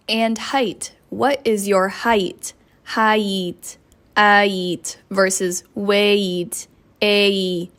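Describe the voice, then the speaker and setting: A woman teaching pronunciation in a video lesson, speaking at an unhurried, deliberate pace. Her pitch sits in an ordinary middle range. She is patient and stretches out each example word so learners can copy it. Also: fairly bright tone. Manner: slow, patient, drawing out model words. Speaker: accent reduction teacher.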